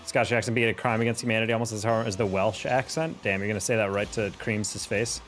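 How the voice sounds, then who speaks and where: A fairly low-pitched young man from the United States streams a game and talks to viewers as he plays, reacting to shots in a loose, relaxed way. Soft music plays faintly underneath his voice. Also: fast. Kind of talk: casual chat while playing a game.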